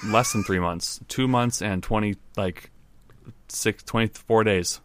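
A man's voice: lowish voice, unhurried, dry recording. A man co-hosting a casual podcast, telling stories and teasing his co-host in a dry manner.

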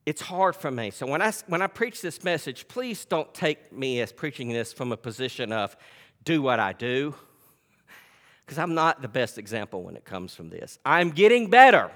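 A male pastor preaching a sermon. He swings between loud, emphatic scripture reading and quiet, conversational storytelling. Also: mid-range voice, very animated, moderate pace, long reverb tail. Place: church sanctuary.

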